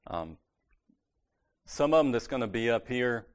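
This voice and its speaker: A man's voice: medium pitch, lively intonation, a little slow, clear, resonant tone. A man giving a casual, conversational sermon at a church meeting, correcting himself and joking lightly as he goes.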